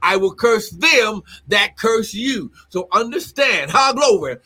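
A man preaching a livestreamed sermon, reading scripture aloud and breaking into shouts and exclamations. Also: high-pitched, lively intonation, takes it slowly, few pauses, slightly rough. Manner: reads scripture aloud and comments.

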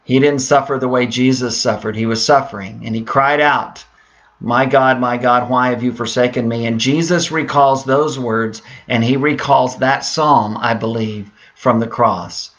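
A man's voice: mid-range voice, steady tone, a little slow, fairly bright tone. Earnest male pastor preaching. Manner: earnest, reads scripture aloud with rising emphasis; hesitant fillers, repeats words. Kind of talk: sermon.

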